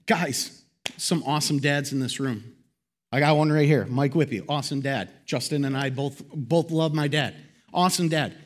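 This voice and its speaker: A pastor preaching a sermon to his congregation in a lively, conversational way. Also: moderate pace. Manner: animated, conversational preaching with big swings in pitch. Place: church hall before a congregation.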